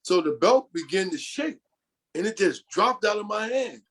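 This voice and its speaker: A man's voice: high voice, lively intonation, moderate pace, fairly bright tone. An older man from New York, a podcast guest, telling long rambling stories about his family and often quoting what others said. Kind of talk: storytelling in an interview.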